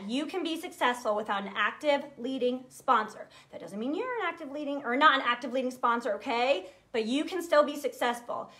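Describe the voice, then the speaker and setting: A high-voiced woman in her thirties leads a live video training for her sales team. She talks straight to viewers, fired up and earnest, urging them on. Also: pushed and bright.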